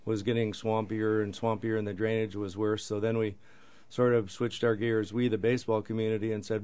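Male guest, low monotone, patient procedural explainer. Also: smooth. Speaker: guest, involved in city funding. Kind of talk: explanatory chat.

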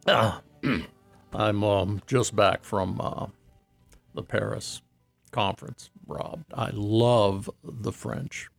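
A man playing an old Santa Claus in a comic radio sketch, genial and slow, dodging questions. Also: a little high, wildly swooping pitch, creaky, soft background music, full character voice. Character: jolly old Santa Claus, back from Paris.

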